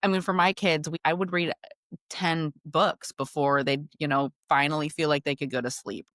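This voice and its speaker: A woman's voice: sits low, fairly even intonation, normal speed, fairly bright tone, dry recording, clean studio sound. A woman hosting a podcast, chatting openly and laughing easily as she talks about her home life. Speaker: podcast host. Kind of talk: casual podcast chat.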